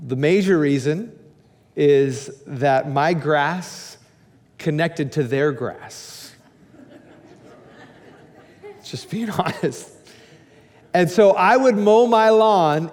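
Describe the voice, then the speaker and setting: Brief: high-pitched male pastor, lively candid sermon storytelling, voice ringing in a long hall reverb. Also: slow. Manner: animated, candid, jumps to high excited shouts.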